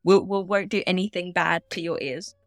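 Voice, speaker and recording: A woman's voice: fairly low pitch, moderate pace, no room sound, faint music behind. A woman with a British accent co-hosting a podcast, talking casually with blunt, dry humour and some swearing. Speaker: podcast co-host. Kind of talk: casual chat.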